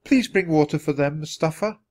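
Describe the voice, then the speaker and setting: A kind, caring nurse with a soft, comforting voice, as a man reading a storybook puts her on. Her tone sits somewhat higher than the reader's own and stays gentle and reassuring. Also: a little fast, natural voice.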